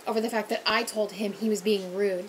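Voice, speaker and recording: A young woman who works as a server casually tells a story about a rude customer, her medium-pitched voice brisk. She's animated, mimicking people in loud quoted voices and using many fillers, over poor audio with slight background noise.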